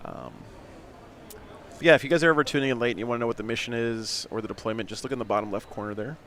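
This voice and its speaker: A man from Texas, casually commentating a tabletop wargame stream, chatty and quick to laugh while greeting viewers. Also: mid-range voice, a bit bright. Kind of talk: casual live game commentary.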